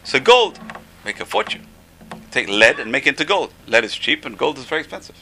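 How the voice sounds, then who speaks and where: Gravelly, bright-voiced man teaching a religious class. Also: medium pitch, very animated, brisk, slight background noise, low-quality recording. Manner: enthusiastic, repeats "amazing". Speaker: Torah teacher.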